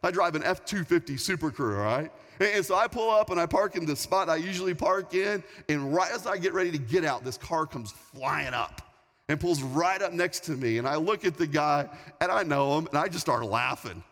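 A man's voice: fairly high pitch, expressive, brisk, a bit bright. A male pastor preaching a sermon in a large church hall, talking in a conversational, repetitive, storytelling way. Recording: long hall reverb, faint music.

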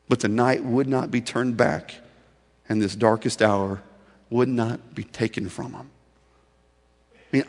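A pastor delivering a sermon, swinging between urgent emphasis and hushed, quiet drops. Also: male voice, mid-range voice. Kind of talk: sermon storytelling. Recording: long hall reverb.

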